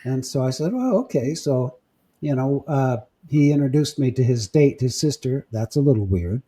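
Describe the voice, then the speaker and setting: A man podcast host in casual chat, telling stories with halting restarts and fillers. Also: mid-range voice, expressive, dark tone, slightly rough. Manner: storytelling, halting with repeats and fillers.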